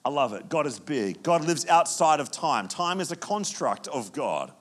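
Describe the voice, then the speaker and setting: Male pastor, fairly high voice, lively sermon with anecdotes. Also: moderate pace. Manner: animated storytelling with frequent restarts.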